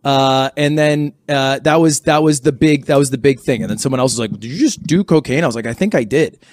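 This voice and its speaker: A man's voice: medium pitch, a little fast, no echo, clean studio sound. A young man telling a story in a casual podcast chat, rambling and sheepish, with many fillers and restarts. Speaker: podcast guest.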